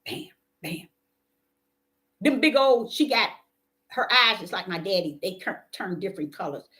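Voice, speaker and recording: A woman preaching with passion and telling personal stories, repeating her phrases for emphasis and swinging between loud declarations and hushed moments. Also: mid-range voice, animated, measured pace. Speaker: self-described prophetic preacher. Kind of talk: impassioned preaching and personal testimony.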